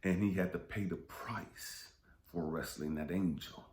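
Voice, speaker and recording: A man's voice: low-pitched, steady tone, measured pace, darkish tone. A man hosting a spiritual channel, talking in an impassioned, confessional way that sometimes drops to a whisper, with frequent swearing. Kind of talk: emotional spiritual monologue. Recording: echoey room.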